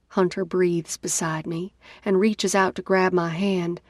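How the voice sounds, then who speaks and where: A woman narrating an audiobook in the first person, unhurried. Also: fairly low pitch, little pitch movement, darkish tone, no room sound, clean studio sound.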